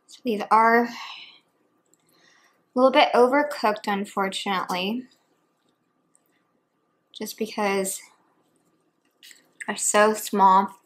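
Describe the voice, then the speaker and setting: This mukbang vlogger speaks slowly with medium pitch and fairly even intonation, pausing frequently as she chats casually between bites at home.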